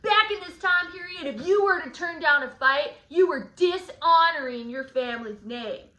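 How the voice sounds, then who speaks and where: Brief: woman playing a brash, touchy young swordsman Tybalt for a lesson; high, bright voice, echoey room. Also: lively intonation, normal speed, heavily acted. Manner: slangy, sarcastic paraphrasing. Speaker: teacher in character as Tybalt. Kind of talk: in-character guided study.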